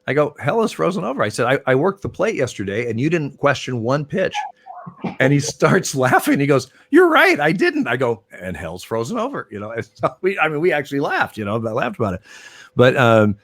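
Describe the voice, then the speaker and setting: As a guest in a relaxed interview, an older former baseball umpire spins stories at a brisk pace in a medium-pitched voice with no room sound. He rambles with lots of fillers and restarts, livening up whenever he recounts arguments.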